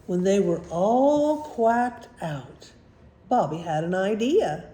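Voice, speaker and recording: Gentle woman story reader for children; mellow, animated, unhurried. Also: mid-range voice. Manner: gentle, questioning, engaging. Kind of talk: reading aloud to children, asking questions. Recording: roomy echo.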